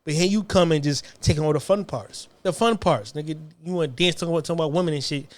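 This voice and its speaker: A man's voice: on the high side, fast. A man delivering a heated, confrontational monologue, hammering points through repetition. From United States.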